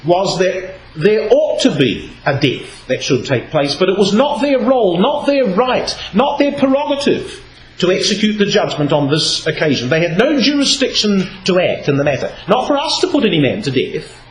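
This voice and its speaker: A man's voice: high-pitched, moderate pace. A man giving a Bible talk, reading scripture aloud and shifting his emphasis as he explains. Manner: expressive, reads scripture aloud with varied emphasis. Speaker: Bible speaker. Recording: echoey hall with faint noise.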